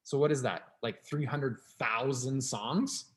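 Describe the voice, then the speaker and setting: Male co-host, mid-pitched, rambling casual talker. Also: a little slow. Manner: rambling, restarts often, laughs while reading. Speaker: podcast co-host. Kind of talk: casual chat.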